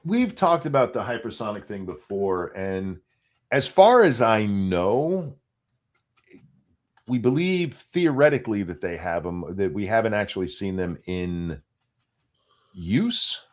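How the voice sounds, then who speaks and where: A man's voice: lowish voice, sing-song, a little slow. A man co-hosting a casual political chat show, talking bluntly and with profanity, often restarting his sentences. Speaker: show co-host.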